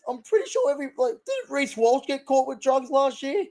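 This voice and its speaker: A man's voice: extremely high pitch, a little fast, few pauses. Rambling Australian man hosting a stream. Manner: rambling, animated reactions to plays. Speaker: live stream watch-along host. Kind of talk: casual live commentary and chat.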